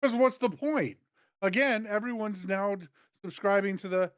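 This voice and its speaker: A man's voice: sits high, normal speed, no room sound. A man co-hosting a wrestling review show, dry, sarcastic and scornful. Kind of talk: casual review chat.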